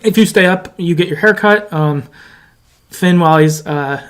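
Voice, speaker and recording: A man's voice: on the high side, moderate pace. Chatty man recapping a game. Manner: rambling, lots of fillers and likes. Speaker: podcast co-host. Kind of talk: casual game recap chat.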